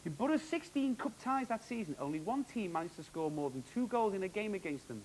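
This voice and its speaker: Upbeat, lively, high-voiced male quiz host. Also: slight background noise, poor audio. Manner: jokey, upbeat, quick quizmaster delivery. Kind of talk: televised quiz hosting.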